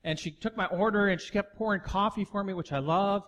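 Middle-aged guy pastor preaching, high voice, tells stories then gets emphatic. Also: a little fast, fairly bright tone. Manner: storytelling, acts out dialogue, builds to emphatic preaching. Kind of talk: sermon.

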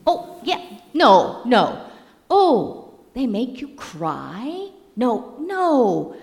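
Woman putting on an excitable chatty donkey. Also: vocal fry, heavily acted. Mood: excited. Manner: rapid eager guessing, high and loud. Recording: long hall reverb.

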